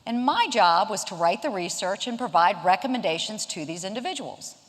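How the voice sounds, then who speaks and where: This keynote speaker, a Charleston, South Carolina woman in her fifties, shares a story from her own career in a humorous, conversational way. Her medium-pitched voice has lively intonation and moves at a normal speed. The event hall recording has a long lecture-hall reverb.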